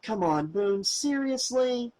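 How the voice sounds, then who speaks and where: A man's voice: very high voice, expressive, slow, darkish tone, pitched above the performer's own voice, full character voice, rough recording. A man voicing an eager young teenage girl with a crush, asking breathless, hopeful questions. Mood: disbelieving. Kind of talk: audiobook character voice.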